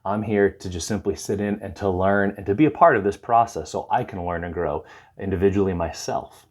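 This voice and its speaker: Lower-voiced man telling a story. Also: brisk. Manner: animated storyteller, acts out dialogue. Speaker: recovery counselor. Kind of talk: talking to camera, storytelling advice.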